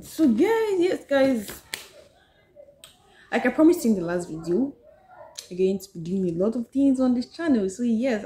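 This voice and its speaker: A woman's voice: medium pitch, mellow, echoey room. A woman with a Nigerian accent chatting casually to her viewers in a book-summary vlog, often saying "so yes" and talking to them directly. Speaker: vlogger.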